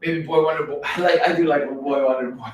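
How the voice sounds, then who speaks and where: A man's voice: a little high, brisk. Rambling man in an echoey room. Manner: rambling, animated, swears freely, slips into quoted voices. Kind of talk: rambling monologue. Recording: very echoey room, mic at a distance, faint noise.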